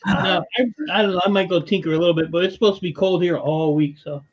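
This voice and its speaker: A man's voice: sits high, fairly even intonation, fast, a crowd in the background. A man chatting casually on a livestream call, laid-back and joking. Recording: muffled lo-fi call audio.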